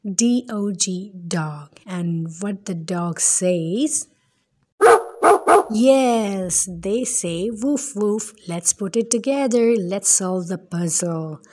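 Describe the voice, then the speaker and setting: A woman narrating a toddler puzzle video, talking in a slow, sing-song teacher voice. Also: medium pitch, warm tone. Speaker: children's educational narrator.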